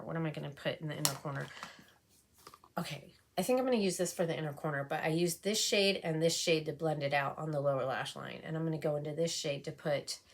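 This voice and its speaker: A woman beauty vlogger chatting casually and rambling while doing her makeup. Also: low voice. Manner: chatty, rambling, with frequent fillers. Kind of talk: casual makeup tutorial chat.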